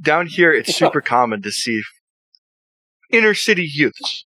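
A man's voice: fairly high pitch, very animated, normal speed, sharp tone, no room sound, low-quality recording. A man hosting a podcast, telling crude stories with lots of swearing and laughter. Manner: profane, laughing storyteller. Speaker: podcast host. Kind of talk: crude casual chat. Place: south of the US.

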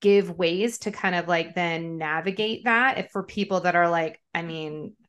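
A woman's voice: fairly low pitch, normal speed, a bit bright, clear, resonant tone. A woman hosting a podcast conversation who rambles, searches for her words and fills the gaps with "like". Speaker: podcast host. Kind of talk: casual conversation.

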